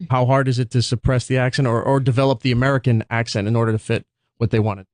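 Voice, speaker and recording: A man hosts a radio talk show from the studio. He talks loosely and casually, with plenty of ums and quick laughs. His voice sits in the middle range and sounds dry. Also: medium pitch, flat delivery, darkish tone, no echo. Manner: chatty, many fillers, laughs.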